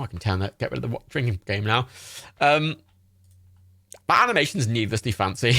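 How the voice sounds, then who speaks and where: With a bright, forceful, medium-pitched voice and no echo, a young man from Ireland in his twenties hosts a livestream, casually browsing films. He's rambling and enthusiastic, leaning on fillers and swearing plenty.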